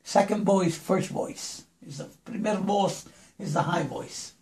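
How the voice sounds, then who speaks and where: Hoarse, chatty man teaching vocal recording. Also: high-pitched, a little slow, darkish tone, echoey room. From New Mexico. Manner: chatty, calls listener brother. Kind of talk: casual home-studio tutorial.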